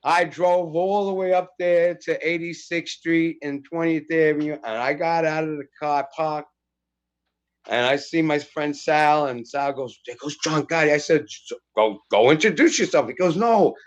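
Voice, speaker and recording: A man's voice: fairly high pitch, normal speed. A middle-aged man, an actor, chatting casually and acting out the people in his stories. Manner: animated storyteller acting out dialogue. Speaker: actor guest. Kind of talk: casual chat.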